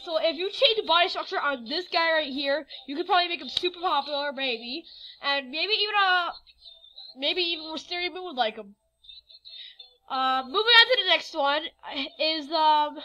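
A woman's voice: high voice, expressive, normal speed, bright, forceful tone, rough recording. A teenage girl chatting casually over a game recording, rambling with lots of fillers. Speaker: game vlogger. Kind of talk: casual chat with screen recording.

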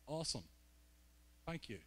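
A man from Northern Ireland with a Belfast accent, a guest preacher giving a sermon with joking, self-mocking asides. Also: measured pace. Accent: Northern Irish, Belfast.

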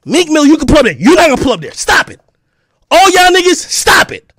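A man streaming an angry, profane rant, confrontational and breaking into shouts. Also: very high-pitched, big pitch swings, a little fast, no echo, clean studio sound.

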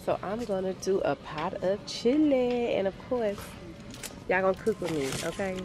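A woman's voice: medium pitch, animated, normal speed. A woman from Houston with a Texan Southern accent, chatting playfully to the camera in a casual family vlog. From Houston, Texas. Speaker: family vlogger.

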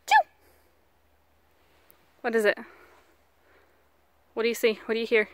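A woman's voice: on the high side, very animated, a little slow, no room sound. A woman from the American South walking her dog in the woods, chatting casually and coaxing it in baby talk. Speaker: vlogger. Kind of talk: casual outdoor vlog. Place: outdoors in rural woods.

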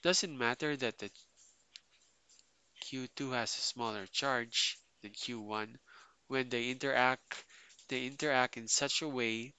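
A man explains a physics lesson to his students in a plain, steady teaching voice. His tone is bright and forward. He is recorded close on a dry mic with no room sound, stopping now and then to stress a key term. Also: mid-range voice, measured pace, clean tone, dry recording, poor audio.

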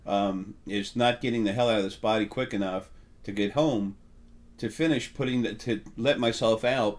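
A middle-aged man giving an unscripted spiritual monologue, rambling and halting with many fillers and restarts, his voice catching with emotion now and then. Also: on the low side. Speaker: spiritual talk host.

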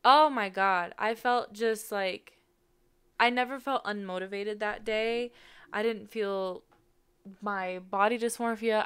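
A woman's voice: medium pitch, a bit bright, clear, resonant tone. A young woman in her twenties chatting effusively about making her music video, laughing often. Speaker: singer reacting to her own music video. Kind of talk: casual chat.

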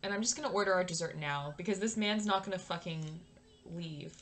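A woman's voice: lowish voice, brisk, fairly bright tone, a little hiss or hum. A young woman from Canada giving casual gameplay commentary, swearing freely and ranting at the game. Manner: swears a lot, rants at the game in exasperation. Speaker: gaming YouTuber.

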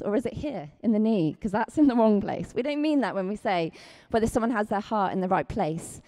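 A woman with a Scottish accent preaching a chatty, lively sermon, acting out quotes with big leaps in pitch. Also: brisk, hardly any pauses.

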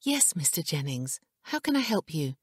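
A woman's voice: sits low, very animated, husky, no echo, studio quality, exaggerated voice. A woman voicing a polite, tightly composed clinic receptionist in an audiobook. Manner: professionally polite, brisk. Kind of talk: audiobook character voice.

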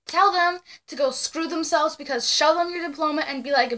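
Young woman, late teens, vlogger; high, sharp tone, excitable and outspoken. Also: a little fast. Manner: gushing, excitable, blunt with mild swearing. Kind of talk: casual emotional address to camera.

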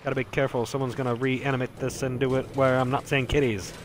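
A man's voice: mid-range voice, little pitch movement, fast, a little hiss or hum. A man streaming horror gameplay while tipsy and out of breath, swearing, yelping at scares and cracking jokes between them. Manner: jumpy, yelps and swears, jokey asides. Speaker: gaming streamer. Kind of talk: live horror gameplay commentary.

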